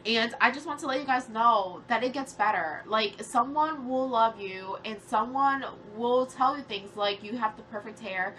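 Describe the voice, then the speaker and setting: A nasal young woman in her twenties, close to tears, venting heatedly to her camera. Her voice is bright and a little high for a woman, full of swearing and restless filler words. A faint hiss sits under the recording. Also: unhurried, hardly any pauses. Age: 20s. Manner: heated, swearing, rambling with many "like"s. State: tearful. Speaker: vlogger. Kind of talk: emotional rant to camera.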